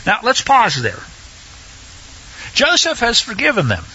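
A man teaching a Bible study in a conversational way, often pausing with fillers and restarting his sentences. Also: extremely high pitch, huge pitch swings, bright, forceful tone, slightly rough, muffled recording.

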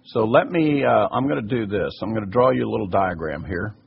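Man, bible teacher, emphatic asides, gravelly, husky, dull lo-fi sound. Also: fairly low pitch, animated, a little fast. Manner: emphatic, repeats "by the way". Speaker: Bible teacher answering listener questions. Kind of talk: teaching talk. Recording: muffled lo-fi recording.

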